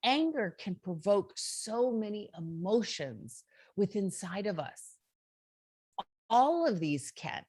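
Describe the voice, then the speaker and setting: A woman's voice: mid-range voice, sing-song, slow, darkish tone, slightly rough, dry recording, studio quality. A woman hosting a motivational self-help talk, earnest and conversational, with many fillers. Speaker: host.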